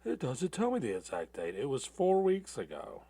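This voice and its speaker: A man's voice: medium pitch, wildly swooping pitch, moderate pace, mellow, husky. A tired man hosting a podcast, ranting in a loose, rambling monologue full of profanity and restarts. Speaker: podcast host.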